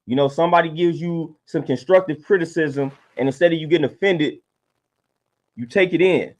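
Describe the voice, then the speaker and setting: A man's voice: a little high, normal speed. A man talking casually on a livestream, laid-back and preachy, often repeating his points. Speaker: livestream host.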